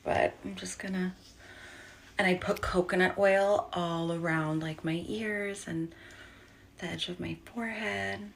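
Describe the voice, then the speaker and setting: Female vlogger, low-pitched, creaky vocal fry, lazy drawl, talking into a phone held in her hand. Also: fairly even intonation, unhurried, slight background noise. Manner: drawling, peppered with "like" and "um". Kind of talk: casual confessional vlog talk. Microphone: handheld phone.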